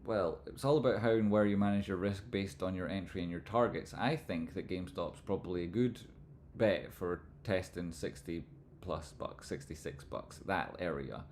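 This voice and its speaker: A man with a Scottish accent hosting a live stream, explaining stock chart analysis in a relaxed, rambling way. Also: sits low, normal speed, few pauses, slight background noise. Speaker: livestream host, trading analyst.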